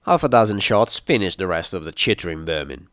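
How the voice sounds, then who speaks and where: Male storyteller, steady measured read, lowish voice, dry close recording. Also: no room sound. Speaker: audiobook narrator. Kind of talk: first-person story narration.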